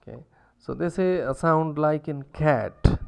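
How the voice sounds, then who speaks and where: A man giving a recorded lecture, halting with many fillers and self-corrections, repeating words aloud to show how they are pronounced. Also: on the high side, lively intonation, gravelly, smooth. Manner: repeats words to demonstrate pronunciations. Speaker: university lecturer.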